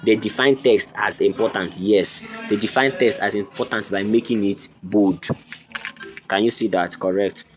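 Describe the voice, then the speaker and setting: A man's voice: lowish voice, normal speed, soft background music. A man hosting a coding tutorial, walking through each step in a teacherly way, repeating points and checking "can you see". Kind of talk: screen-recorded tutorial walkthrough.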